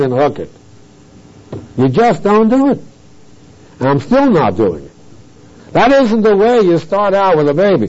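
A middle-aged man preaching a verse-by-verse Bible lesson in a fairly high voice. He teaches in a didactic, emphatic way, lifting some phrases and dropping others low. The sound is dull and muffled, like an old sermon tape. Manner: didactic, emphatic, with wide swings in pitch and loudness. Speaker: pastor.

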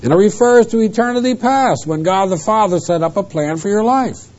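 Emphatic preacher on a muffled old tape. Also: male voice, high voice, fairly quick, a little mellow. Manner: emphatic, parsing Greek grammar word by word. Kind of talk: expository Bible teaching sermon.

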